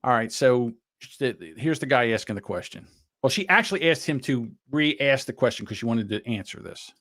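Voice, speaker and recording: A man's voice: mid-range voice, animated, moderate pace, a bit bright. A man hosting a podcast, giving blunt, rambling commentary in casual chat. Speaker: podcast host.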